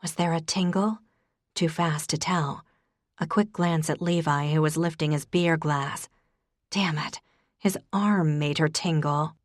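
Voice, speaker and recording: Woman audiobook narrator, low-pitched, wry and conversational, close dry mic. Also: steady tone, a little slow, dry recording. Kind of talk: scripted narration.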